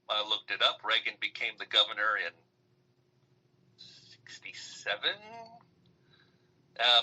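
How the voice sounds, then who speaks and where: A man with a very bright, forceful voice tells stories as a guest on a radio-style interview show. He rambles, restarts his sentences and fills gaps with "uh" and "you know". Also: medium pitch, rough recording. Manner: rambling, many fillers and restarts. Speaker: author guest. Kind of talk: casual interview storytelling.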